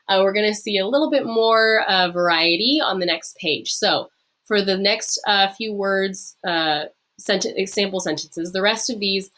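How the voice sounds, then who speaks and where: A woman teaching a recorded online lesson, pronouncing phrases slowly for learners to repeat and explaining them in a friendly way with some fillers. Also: mid-range voice, bright, forceful tone. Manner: slow, drawn-out modelling of phrases to repeat. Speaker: Latin teacher.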